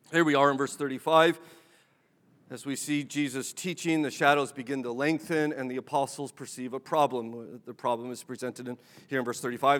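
A male preacher delivers a sermon in an easy, conversational way, with gentle humor and little acted-out exchanges. His voice sits a touch high for a man. The sound carries a long reverb, as in a church hall. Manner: conversational, humorous, acts out dialogue.

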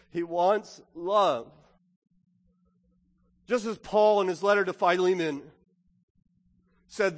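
A man preaching a sermon as a pastor, swinging between loud pleading and hushed, intimate asides. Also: on the high side. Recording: reverberant hall.

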